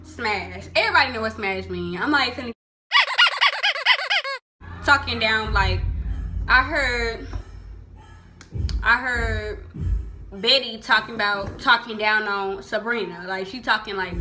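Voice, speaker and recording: A woman's voice: a little high, unhurried, pauses often, bright, forceful tone, soft background music. A young woman from Houston with a Southern Houston accent, chatting casually about local slang in a vlog, laughing often and saying "like" a lot. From Houston, Texas. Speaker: vlogger.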